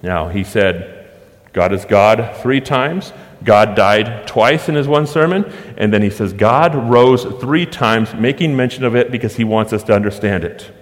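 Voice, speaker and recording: A pastor preaching from the pulpit with a lowish male voice. He leans on rhetorical questions and lets dramatic pauses hang, his words trailing off into the long reverb of a large hall. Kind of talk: sermon.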